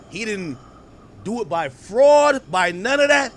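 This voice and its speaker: Man, podcast host, high voice, brash and profane, gets shouty, faint hiss behind. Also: moderate pace. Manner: animated, profane, at times shouting. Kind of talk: casual reaction commentary.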